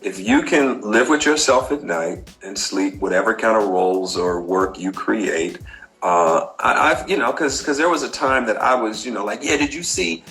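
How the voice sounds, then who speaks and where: A man's voice: on the low side, moderate pace, faint music behind, poor audio. A middle-aged man, a filmmaker, telling stories in an interview and acting out the quotes. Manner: animated storyteller, acts out quotes. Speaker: filmmaker guest. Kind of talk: interview storytelling.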